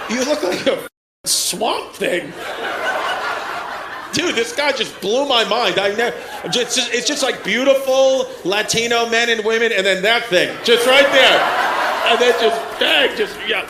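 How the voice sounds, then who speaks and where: A male stand-up comedian doing crude, laughing crowd work on a comedy club stage with a handheld mic. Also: very high-pitched. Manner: brash, crude, laughing teasing of audience members. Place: comedy club stage before a live audience. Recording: live club recording with crowd laughter and noise.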